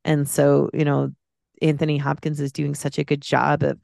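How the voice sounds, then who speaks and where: A woman's voice: low-pitched, monotone, normal speed, vocal fry, darkish tone, dry recording, studio quality. A woman guest on a podcast, chatting casually and with feeling about a film, rambling and restarting her sentences. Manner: rambling, heartfelt, many restarts.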